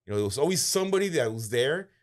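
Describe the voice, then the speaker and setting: Animated Mexican American man telling stories. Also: mid-range voice, rapid-fire. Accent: Mexican American English with Spanish phrases. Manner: animated, acts out voices in quotes, swears freely. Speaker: podcast co-host. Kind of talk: casual storytelling chat.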